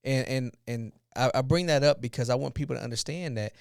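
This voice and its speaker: A man in his forties, hosting a podcast, telling a personal story in an animated way and acting out the dialogue. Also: mid-range voice, fast talker, creaky, clear, resonant tone, no room sound, clean studio sound. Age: 40s. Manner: animated retelling, acts out dialogue. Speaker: podcast host. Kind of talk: casual storytelling chat.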